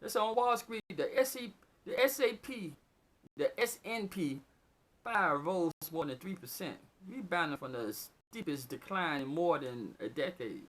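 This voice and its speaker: A man reading news headlines aloud in a casual, unedited video, breaking off to riff on them with animated asides. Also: a little high, unhurried. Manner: reads news items aloud, then riffs on them excitedly. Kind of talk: casual unscripted commentary.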